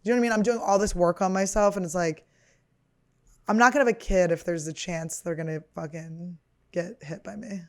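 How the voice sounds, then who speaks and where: A woman's voice: lowish voice, fairly quick, a little mellow. A woman in her thirties, a comedian hosting her podcast, talking in a rambling, profane, self-mocking monologue full of fillers. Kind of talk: casual confessional monologue.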